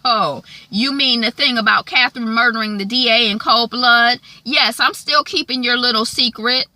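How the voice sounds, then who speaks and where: A woman voicing a mocking woman who loudly taunts someone about a secret. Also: fairly high pitch, very slow, no room sound, voice pushed up, full character voice. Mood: taunting. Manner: taunting, loud.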